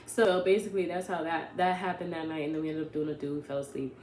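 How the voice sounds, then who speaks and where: Lower-voiced young woman telling a rambling story. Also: fast talker, a little hiss or hum. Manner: animated, rambling, self-correcting. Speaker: vlogger. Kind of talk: casual storytime. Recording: echoey room with faint ambience.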